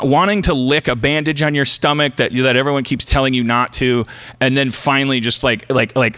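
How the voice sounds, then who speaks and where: Ranting, stammering man with a bright voice. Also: mid-range voice. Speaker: comedy podcast host. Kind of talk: comedic rant monologue.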